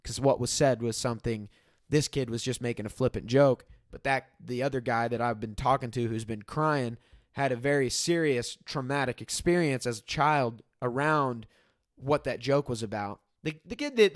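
A man's voice: medium pitch, moderate pace, dry recording. Blunt storytelling man, dry close sound. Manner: animated, acts out quotes, blunt and forceful. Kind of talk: casual storytelling chat.

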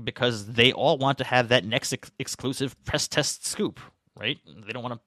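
A man's voice: mid-range voice, fairly bright tone, dry recording, clean studio sound. A man hosting a market commentary, talking in a sarcastic, rambling way with lots of fillers and restarts. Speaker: market analyst host. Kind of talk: opinionated commentary monologue.

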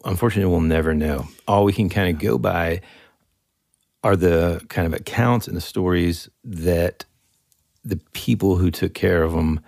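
Man, very low voice, dry close sound, animated casual podcast talk. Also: moderate pace, vocal fry, no room sound. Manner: animated, rambling, jokey. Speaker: podcast co-host. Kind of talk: casual true-crime chat.

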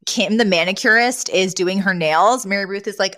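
A woman's voice: mid-range voice, brisk, few pauses, fairly bright tone. A woman co-hosting a casual recap podcast, retelling scenes with animation and laughter. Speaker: podcast co-host.

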